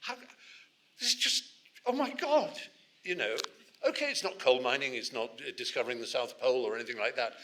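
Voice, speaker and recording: An Englishman giving an animated, digressive talk to a university society audience, often restarting his sentences. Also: mid-range voice. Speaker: guest speaker.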